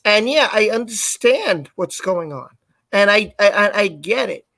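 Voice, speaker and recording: A man co-hosting a live stream, casually telling a personal story in an animated way and acting out the quoted lines. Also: high-pitched, a little slow, creaky, dry recording.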